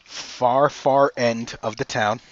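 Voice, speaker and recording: A man narrating as game master of a tabletop game in a casual, halting way. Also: medium pitch, fairly even intonation, no echo, highs cut off.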